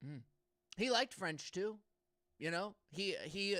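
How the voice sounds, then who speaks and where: A man's voice: sits high, expressive, slow pace, pushed and bright, no room sound, clean studio sound. A young man co-hosting a casual comedy podcast, rambling and stammering through restarts. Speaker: podcast co-host.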